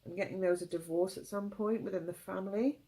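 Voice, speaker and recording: A woman giving an intuitive tarot reading, tearful, speaking in gentle, halting phrases. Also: medium pitch, fairly even intonation, rough recording. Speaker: tarot reader.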